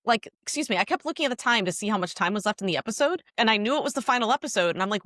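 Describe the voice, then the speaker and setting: A woman co-hosting a podcast, chatting excitably with many exclamations and restarts about TV drama endings. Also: fairly high pitch, racing, hardly any pauses, no echo, clean studio sound. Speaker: podcast co-host.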